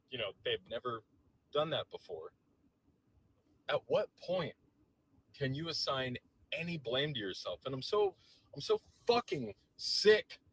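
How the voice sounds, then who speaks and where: A man's voice: a little high, a bit bright, slightly rough, rough recording. A man delivering a heated, profane and sarcastic political rant to camera, visibly agitated. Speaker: political commentator.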